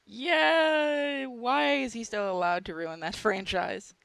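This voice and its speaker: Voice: medium pitch, takes it slowly, creaky, a bit bright, clean tone, dry recording. A host chatting casually, eager and playful, laughing often. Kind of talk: casual chat.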